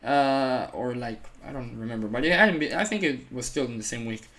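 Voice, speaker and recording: In a mid-range voice and a little fast, a man casually tells his own story for a storytime vlog. His delivery is animated and filler-heavy, with lots of "like," plus acted-out impressions of others' words.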